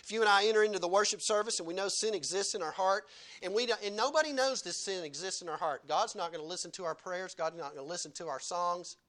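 Bright, high-voiced preacher man. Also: fast. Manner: emphatic, asks the congregation repeated rhetorical questions. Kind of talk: sermon.

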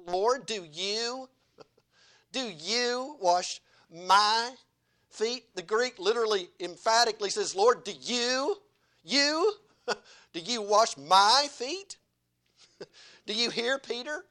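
Male preacher, sermon delivery, dramatic and expressive with sharp drops in volume. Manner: dramatic, wide swings in pitch and loudness, acts out quotes.

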